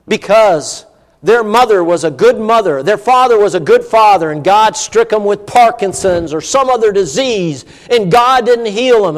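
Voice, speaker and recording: A man preaching a sermon, animated, swinging between emphatic peaks and hushed asides. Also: high-pitched, long reverb tail.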